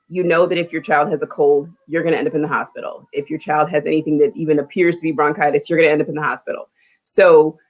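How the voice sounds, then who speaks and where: A middle-aged woman hosting a talk show, chatting casually and empathetically with emphatic asides. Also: sits low. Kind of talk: casual interview chat.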